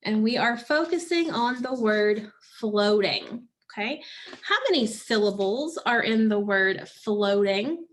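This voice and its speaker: Slow, patient woman phonics teacher. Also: mid-range voice, lively intonation. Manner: slow, patient prompting with pauses for answers. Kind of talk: phonics lesson to children.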